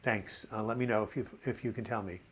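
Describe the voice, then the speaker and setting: A man in his seventies hosting a live chat, reading viewer comments aloud and answering them in a halting, encouraging way. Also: lowish voice, fairly even intonation, slightly rough. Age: 70s. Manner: halting, frequent uh and repeated words.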